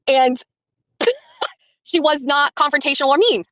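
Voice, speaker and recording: A woman's voice: high-pitched, expressive, normal speed, long pauses, no echo, rough recording. A woman streamer casually recounting a story to her viewers, acting out both sides of the conversation and laughing often. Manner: chatty, retells by acting out quotes, laughs often. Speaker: streamer covering a court trial.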